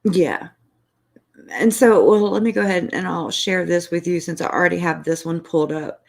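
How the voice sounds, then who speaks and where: A woman's voice: on the low side, normal speed, vocal fry. A woman hosting a casual livestream, rambling and restarting her sentences, laughing between phrases, emotional and close to tears. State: tearful, emotional. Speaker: YouTube channel host.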